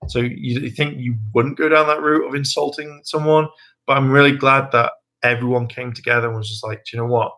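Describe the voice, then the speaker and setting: A young man hosting a casual livestream, talking in a hesitant, rambling way with many ums and restarts, now and then jumping into a high, mocking voice to quote people. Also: fairly even intonation, a little fast, pushed and bright. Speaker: livestream host.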